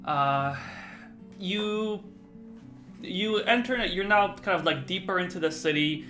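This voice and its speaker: A young man narrating as game master, halting often with fillers and restarts. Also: high voice, sharp tone, faint music behind. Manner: hesitant, many fillers and restarts.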